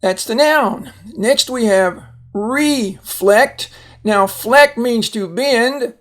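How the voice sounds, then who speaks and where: Man, teacher, recorded phonics lesson, very slow, gravelly, patient with fillers and restarts. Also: sits high.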